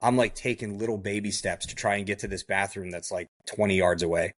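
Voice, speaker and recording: Brisk and low-voiced with little pitch movement, a man tells a personal story as a guest on a podcast. The telling is blunt and vivid, with quoted lines acted out and frequent fillers such as "like" and "I go."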